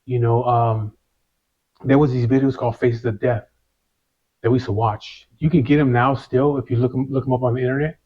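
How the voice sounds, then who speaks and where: Male interviewee, mid-pitched, casual slang-heavy storyteller, slightly dull recording. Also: steady tone, brisk. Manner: casual street slang, swears, constant "you know". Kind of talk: first-person storytelling.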